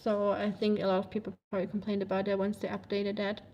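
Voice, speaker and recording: A woman's voice: medium pitch, completely flat delivery, quick pace, highs cut off, a little hiss or hum. A woman with a German accent, a native German speaker, chatting casually on a livestream, rambling with many fillers and frequent laughs. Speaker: livestreamer reading chat.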